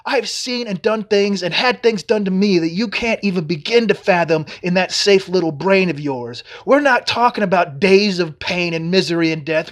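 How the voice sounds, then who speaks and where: A man's voice: high-pitched, fairly bright tone, voice pushed up. A man reading his own novel, voicing a callous, sardonic man who talks with cold contempt.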